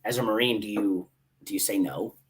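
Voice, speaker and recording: A man in his thirties, a Marine staff sergeant guest on a podcast, telling stories in casual chat, animated and casually swearing. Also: on the low side, fairly quick, breathy edge.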